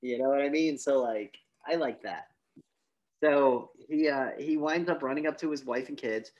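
A young man co-hosting a casual podcast movie review, retelling the plot with animated quotes of the characters. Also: medium pitch, moderate pace, highs cut off. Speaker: podcast co-host.

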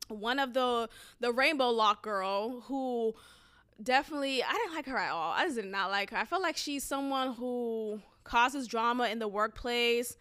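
A woman in her thirties, an educator, telling a story in a casual vlog, venting in an animated way with lots of fillers and some swearing. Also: fairly high pitch, clean tone.

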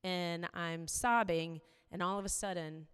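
Woman giving a chatty sermon, kinda low voice, big echoey hall. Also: steady tone, a little slow, clean tone. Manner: conversational, candid, many "like" fillers. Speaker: preacher. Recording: long reverb of a hall.

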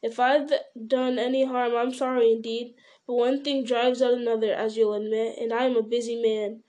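A woman's voice: a little high, flat delivery, normal speed, mellow, lightly acted. A woman reading as a rambling fussy innkeeper. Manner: rambling, apologetic, folksy. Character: fussy, rambling middle-aged male innkeeper.

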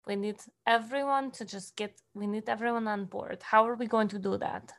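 A woman's voice: medium pitch, fairly even intonation, normal speed. A woman playing a tabletop game in a casual, playful way, often talking as her character. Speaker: player.

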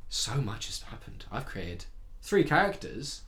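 A man co-hosting a podcast, chatting casually in an excitable, rambling way. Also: mid-range voice, a little slow. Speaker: podcast co-host. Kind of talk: casual chat.

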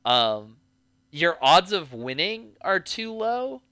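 Bright, crisp-voiced male co-host. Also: sits high, big pitch swings, slow, no room sound, clean studio sound. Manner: jokey, thinks aloud with restarts. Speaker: podcast co-host. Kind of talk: casual chat.

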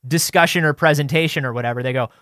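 A man's voice: fairly high pitch, fast talker, a bit bright, dry recording, clean studio sound. A man co-hosting a podcast, riffing bluntly and profanely in casual chat. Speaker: podcast co-host.

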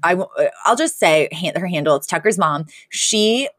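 A woman co-hosting a podcast, chatting casually and laughing often. Her voice sits a little low for a woman. It is recorded close and dry, with no room sound. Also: animated, moderate pace, no room sound. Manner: giggly, chatty, lots of "like". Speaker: podcast co-host. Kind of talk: casual chat.

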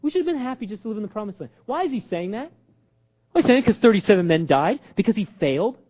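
Animated high-pitched preacher man. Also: racing, muffled recording. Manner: animated, acts out quoted voices, jokes with audience. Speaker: pastor. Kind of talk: sermon.

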